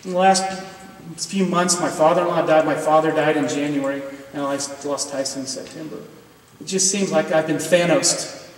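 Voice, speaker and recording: A man's voice: fairly high pitch, steady tone, normal speed, a little hiss or hum. A middle-aged man giving an emotional, earnest speech in a university chapel, pleading with his audience. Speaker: university professor speaking in chapel. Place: large hall, recorded from afar. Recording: distant, echoey hall with long reverb.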